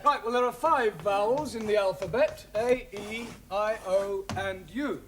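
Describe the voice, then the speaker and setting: An actor with a British accent playing a patient young English teacher in a sitcom, explaining slowly with dry wit. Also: male voice, sits high, background noise. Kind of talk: 1970s sitcom acting.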